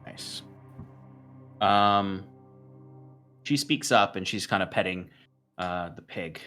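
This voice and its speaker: A man narrating and running a tabletop game as game master, in a relaxed, halting way. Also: low-pitched, soft background music.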